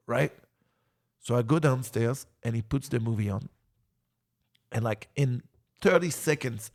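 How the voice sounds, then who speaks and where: A man in his forties from France with a French accent, telling casual stories as an interview guest, cursing freely and acting out what others said. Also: medium pitch. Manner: swears a lot, animated retelling with quoted voices. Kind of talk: casual storytelling.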